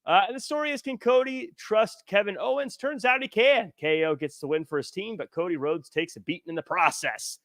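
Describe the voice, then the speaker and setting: A male podcast co-host talks through a match in a casual, animated way, with quick laughs along the way. His voice is bright and pitched a touch high for a man. The sound is dry and close, with no room around it. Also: no echo. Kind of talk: casual chat.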